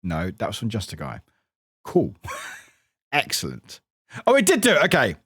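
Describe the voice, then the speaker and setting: A man's voice: on the low side, huge pitch swings, a little slow, fairly bright tone, husky, no echo, studio quality. A man streaming a game and chatting casually with viewers, rambling, laughing often and swearing casually.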